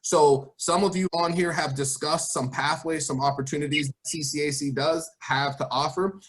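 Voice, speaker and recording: A man with a somewhat high voice gives an online presentation to students, speaking over a video call. He encourages them with rhetorical questions as he walks through his advice. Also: fairly even intonation, moderate pace. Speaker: college guest speaker.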